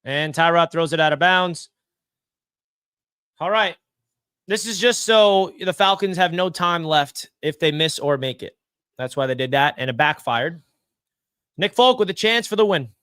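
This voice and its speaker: A man hosting a live fan watch party, calling the plays and shouting with excitement over big moments. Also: on the high side, unhurried, pauses often, smooth, no echo, clean studio sound. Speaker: fan channel host. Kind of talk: live play-by-play fan reaction.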